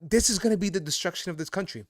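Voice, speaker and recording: A man's voice: high voice, rapid-fire, dry recording, clean studio sound. A man from Brooklyn, co-hosting a live stream, emphatic and repeating himself. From Brooklyn, New York. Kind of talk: casual political chat.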